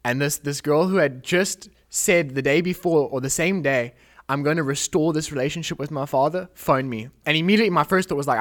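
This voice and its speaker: A young man hosting a podcast, telling an emotional faith testimony with earnest, animated storytelling. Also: on the high side, a little fast. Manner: earnest, animated storytelling, quoting prayers aloud. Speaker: podcast host. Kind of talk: emotional testimony in a casual chat.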